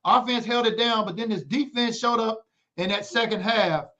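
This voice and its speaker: A high-pitched man talking football on a podcast with a hyped, teasing energy. The audio sounds dull and lo-fi. He sounds like he's in his thirties. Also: moderate pace, sharp tone. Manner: hyped, playful trash talk. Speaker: podcast co-host. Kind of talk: casual sports talk.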